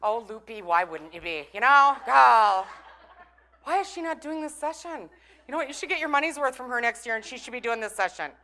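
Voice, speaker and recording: A woman's voice: fairly high pitch, sing-song, quick pace, fairly bright tone. A middle-aged woman from Minnesota, giving a chatty, playful motivational talk and teasing the audience. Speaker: conference breakout speaker.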